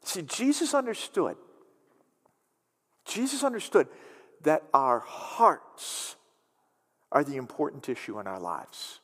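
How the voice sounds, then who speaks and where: A male pastor preaches with emphasis, repeating his key phrases and stretching some words out slowly. His voice sits high and swings widely in pitch, and it carries the long reverb of a large church hall. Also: wildly swooping pitch. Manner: emphatic, repeats phrases, shifts between quick and slow drawn-out words. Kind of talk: sermon.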